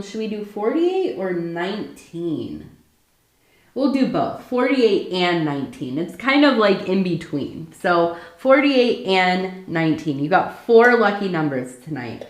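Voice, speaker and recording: A woman's voice: on the low side, reverberant. A woman doing a casual ASMR tea leaf reading, talking in a chatty way with many fillers and asides.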